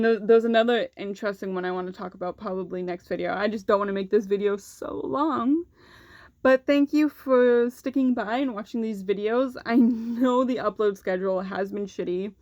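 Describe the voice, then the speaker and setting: A woman's voice: mid-range voice, darkish tone, dry recording, clean studio sound. A young woman vlogger telling a personal story in a candid, casual way, swearing freely and saying "like" often.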